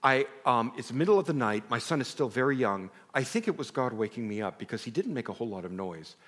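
A man's voice: medium pitch, lively intonation, fast, a bit bright. Earnest middle-aged male preacher in a reverberant hall. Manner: conversational, earnest storytelling with self-deprecating asides. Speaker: pastor. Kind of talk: sermon. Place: large hall before a congregation.

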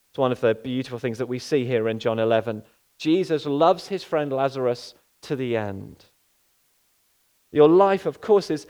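A man's voice: mid-range voice, a little mellow. A male pastor giving an earnest sermon, often asking rhetorical questions.

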